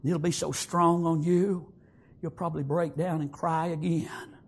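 High, gravelly preacher man. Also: level tone. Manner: repetitive, halting preaching that swells into tearful, emphatic exclamations. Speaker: pastor at a memorial service. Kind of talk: emotional funeral sermon. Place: church sanctuary.

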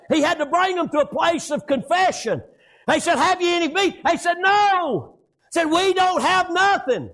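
High-voiced shouting preacher man. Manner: preaching with frequent amens, shouting out lines then dropping low. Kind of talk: sermon.

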